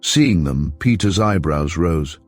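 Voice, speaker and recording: A man reading a crime novel aloud in an even, measured way as audiobook narrator. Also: deep voice, soft background music. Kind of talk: scripted narration.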